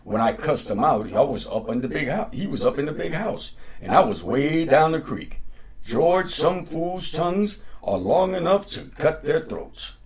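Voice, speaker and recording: A man's voice: on the high side, very animated, moderate pace, husky, pitched above the performer's own voice. A man voicing a sly, boastful enslaved trickster who drawls out his brags in a raised voice. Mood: mocking.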